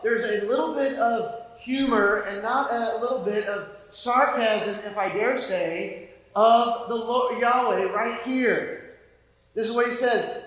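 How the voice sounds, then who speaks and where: A male pastor preaching a sermon and reading scripture aloud, slow and emphatic. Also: high-pitched, a bit bright. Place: church sanctuary. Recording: echoey church hall.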